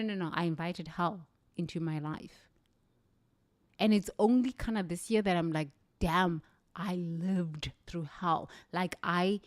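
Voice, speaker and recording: A woman's voice: medium pitch, a little mellow, dry recording, studio quality. A middle-aged South African woman, a native Zulu speaker, giving an impassioned motivational talk with emphatic, repeated phrases. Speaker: livestream speaker.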